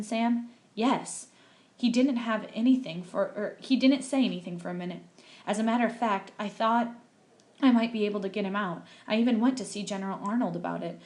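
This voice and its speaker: A woman's voice: medium pitch, a little mellow. A woman reading a novel aloud in a plain, unpolished way, with small slips and restarts. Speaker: reader.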